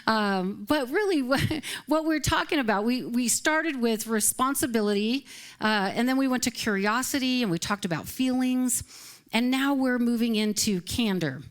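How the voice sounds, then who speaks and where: Woman minister chatting thru a sermon, kinda high voice, laughs a lot, easygoing. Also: normal speed. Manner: chatty and light, laughs often between phrases. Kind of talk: casual sermon. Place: live service at a spiritual center.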